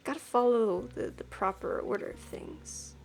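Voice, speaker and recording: A woman's voice: on the high side, normal speed, a little mellow, a little hiss or hum. A woman streaming a game, making playful, giggly asides, often half-whispered. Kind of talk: let's-play commentary.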